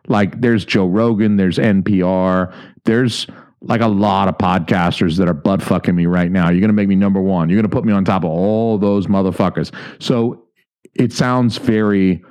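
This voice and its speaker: A man with a fairly low voice co-hosts a casual podcast. He riffs with crude humor and slips into mock-preachy bits. His delivery stays loose and conversational. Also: a little mellow. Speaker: podcast co-host.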